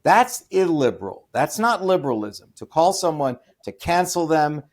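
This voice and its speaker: A man speaking as an interview guest in an opinionated conversation, emphatic, often repeating and restarting phrases, with sudden rises in pitch and loudness. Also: sing-song, normal speed.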